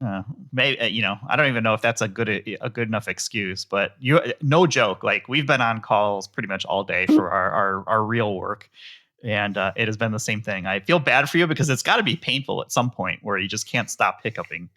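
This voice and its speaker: A man co-hosting a podcast, chatting casually and laughing easily with his co-host and guest. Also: lowish voice. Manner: chatty, relaxed, quick to laugh.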